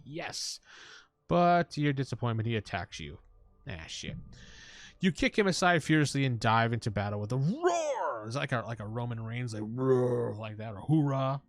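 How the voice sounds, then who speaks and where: A man hosting a let's play, reading the game text aloud with playful, jokey asides. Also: medium pitch. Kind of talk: casual gameplay commentary reading the text aloud.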